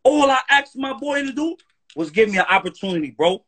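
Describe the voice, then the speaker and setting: A man's voice: very high-pitched, fairly quick. A man talking as a guest on a live stream in a heated, profane rant, often checking "you heard?". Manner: profane, animated, keeps asking "you heard?".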